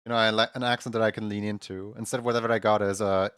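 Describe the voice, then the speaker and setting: A man's voice: lowish voice, level tone, very fast, a bit bright, smooth, no echo, studio quality. A man with a Central European accent, chatting casually to his livestream while drawing, rambling and talking to himself with filler words. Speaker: streamer.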